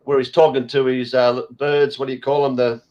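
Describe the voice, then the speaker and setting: A man's voice: medium pitch, flat delivery, brisk, a little mellow, muffled recording. An Australian man hosting a casual chat, ranting bluntly with lots of swearing and fillers. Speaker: host.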